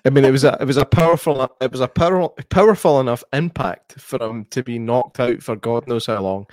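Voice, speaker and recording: A man's voice: medium pitch, brisk, a little mellow, no echo, studio quality. Sweary Scottish man chatting on a podcast. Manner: sweary, blunt, laughs a lot. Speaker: podcast co-host. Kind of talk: casual late-night chat.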